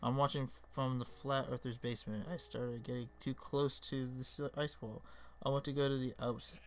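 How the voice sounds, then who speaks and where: A man's voice: mid-range voice, little pitch movement, moderate pace, slight background noise. A young man live-streaming a game, reading chat aloud and joking around with casual swearing.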